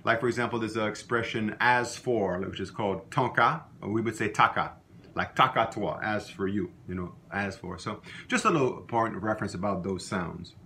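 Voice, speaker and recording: A middle-aged man gives a recorded language lesson, saying each word more than once so learners can copy it. His voice sits fairly low but has a bright, forceful edge. A faint hiss of noise runs under the recording. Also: vocal fry. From Louisiana. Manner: repeats words slowly for learners to copy. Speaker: language teacher.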